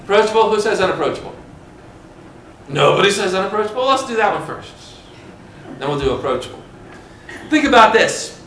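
High-voiced male preacher in an echoey room. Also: brisk, pauses often, slight background noise. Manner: asks the audience questions, expressive storytelling. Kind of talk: sermon.

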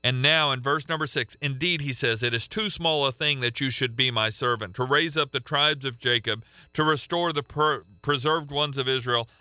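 A man teaching a radio sermon, emphatic, repeating key phrases and slowing down to stress words. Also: mid-range voice, bright, forceful tone, dry recording.

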